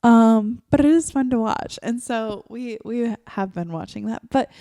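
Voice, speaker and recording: A woman's voice: on the high side, measured pace, dark tone, no room sound, clean studio sound. A woman hosting her own podcast, chatting casually on her own from her favorite chair into a microphone, rambling along with constant "like" fillers. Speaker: podcast host. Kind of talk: casual solo podcast chat.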